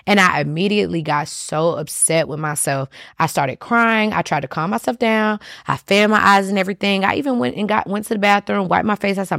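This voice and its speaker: A woman's voice: medium pitch, brisk, creaky, fairly bright tone, no room sound, studio quality. A woman hosting a solo podcast, talking candidly and emotionally straight to her listeners. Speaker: podcast host.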